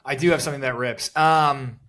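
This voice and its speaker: A young man co-hosting a podcast, telling stories in a rambling, deadpan way, full of fillers. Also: medium pitch, fairly quick. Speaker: podcast co-host. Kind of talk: casual chat.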